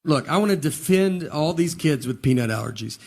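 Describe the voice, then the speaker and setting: A man in his forties with a Southern American accent, doing a rambling, deadpan stand-up routine on a comedy stage. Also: on the high side, moderate pace, vocal fry, slightly rough. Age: 40s. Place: comedy stage before a laughing audience. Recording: stage mic with audience laughter.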